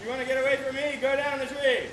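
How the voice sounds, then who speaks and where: A man's voice: very high-pitched, little pitch movement, fast, a bit bright, echoey room, big-room sound, a little hiss or hum. A man up in a tree outdoors, firmly and repetitively coaxing a cat to climb down. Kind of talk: coaxing an animal.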